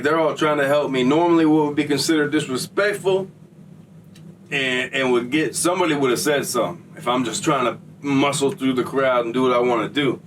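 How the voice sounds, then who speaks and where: A man's voice: medium pitch, slight background noise. Slangy streetwise man, distant mic. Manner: slangy, streetwise, acts out quoted voices. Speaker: storyteller. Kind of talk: casual storytelling.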